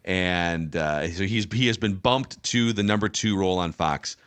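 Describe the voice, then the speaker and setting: A man hosting a sports podcast, steering the talk in a brisk, organized way. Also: deep voice, fairly bright tone, clean tone, no room sound. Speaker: podcast host.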